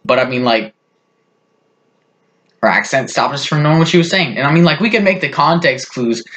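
A man's voice: on the high side, lively intonation, fairly quick, fairly bright tone. A man casually telling a funny family story on his vlog, rambling with lots of fillers. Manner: rambling, full of "like" and "you know". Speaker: vlogger.

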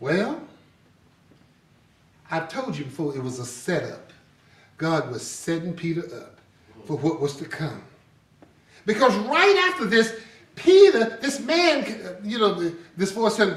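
A man preaching an animated sermon in a church, storytelling with laughter. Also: high-pitched, unhurried, long pauses. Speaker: pastor. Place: church sanctuary. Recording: echoey sanctuary, distant mic.

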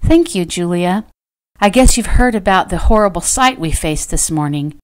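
A woman's voice: fairly low pitch, lively intonation, normal speed, lightly acted. A woman voicing a spirited young heroine, a character in her own audiobook novel. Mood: earnest.

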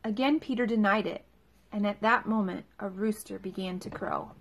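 Woman reading scripture, clear and measured. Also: medium pitch. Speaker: scripture reader.

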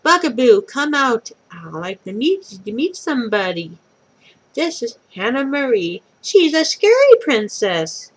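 A woman's voice: a little high, big pitch swings, a little slow, breathy edge, full character voice. A woman reading aloud and voicing a cheerful spooky fairy godmother with a bubbly, welcoming manner.

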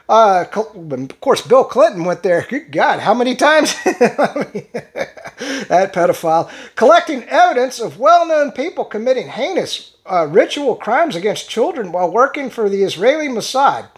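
A man reads social media posts aloud on his own commentary show. He stumbles over words and restarts them, breaking off for sarcastic, conversational asides. The delivery stays loose and unscripted. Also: extremely high pitch. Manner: halting, restarts words while reading. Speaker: channel host.

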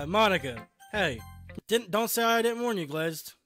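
Hyped young guy playing a game, high lively voice, bright tone, faint music behind. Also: unhurried. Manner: excitable, swearing, laughing often. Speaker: let's player. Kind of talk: game commentary.

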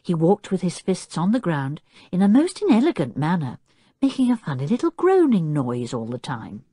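A woman narrating a children's audiobook, telling the story clearly and expressively while doing the characters' voices. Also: fairly low pitch, huge pitch swings, moderate pace, warm tone, no room sound, clean studio sound.

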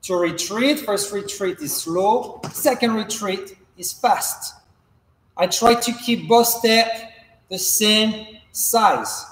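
A man fencing coach leading a follow-along footwork class, giving calm, measured instructions and counting out drills as he moves. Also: high voice. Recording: echoey hall reverb.

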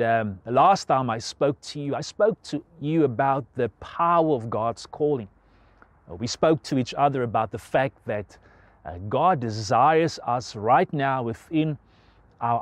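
Earnest pastor preaching outdoors. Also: male voice, medium pitch, no echo. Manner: earnest and unhurried, with frequent restarts and repeated words. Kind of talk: outdoor sermon with prayer and scripture reading. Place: outdoors on a sunny mountainside by a large cross.

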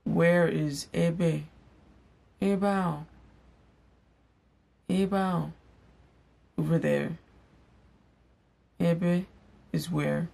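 Young woman, low gravelly voice, slow casual vlog lesson, repeats words for learners. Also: fairly even intonation, mellow. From Igbo household in Nigeria. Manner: repeats each word slowly for learners. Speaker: language teacher. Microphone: on-camera mic.

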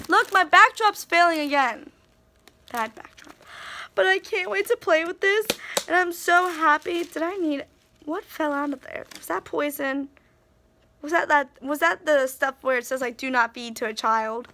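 A teenage girl vlogger with a high-pitched voice chats through a casual birthday haul against a noisy background. She's gushing and bubbly, packing in fillers and little asides to herself.

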